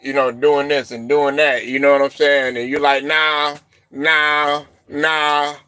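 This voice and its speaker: A man hosting a casual live stream, rambling and laughing often, breaking into loud shouted reactions. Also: mid-range voice, level tone, moderate pace, no echo. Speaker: show host.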